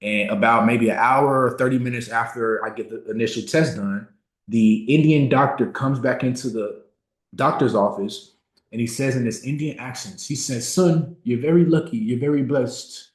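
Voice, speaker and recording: A man in his thirties speaks as a motivational speaker, leaning hard on key words and drawing them out slowly for weight. His voice sits at an ordinary middle pitch and rings with a roomy echo. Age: 30s. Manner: emphatic, slows down to stress key words. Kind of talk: motivational talk with personal story.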